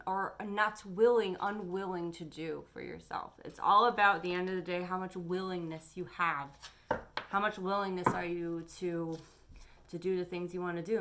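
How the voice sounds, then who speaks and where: Bright-voiced woman giving a tarot forecast. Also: lowish voice. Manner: encouraging, chatty, animated. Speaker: tarot reader. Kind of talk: casual weekly energy forecast. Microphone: camera on her face.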